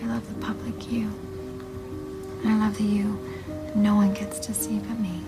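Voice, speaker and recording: An actress playing a young woman in a tender film romance, speaking softly and breathily. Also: mid-range voice, level tone, moderate pace, loud music behind the voice, lightly acted. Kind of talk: film dialogue clip.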